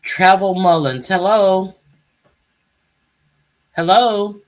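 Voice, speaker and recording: A woman's voice: mid-range voice, very slow. A woman hosting a casual live stream, chatting and calling guests up to speak. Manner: chatty, calls out guests by name.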